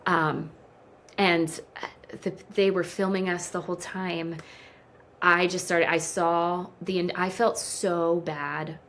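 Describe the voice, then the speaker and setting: A woman's voice: lowish voice, slow, slight background noise. A woman in her thirties, a podcast guest, telling a heartfelt story and acting out what people said. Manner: emotional, animated storyteller who acts out quoted dialogue. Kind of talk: interview storytelling.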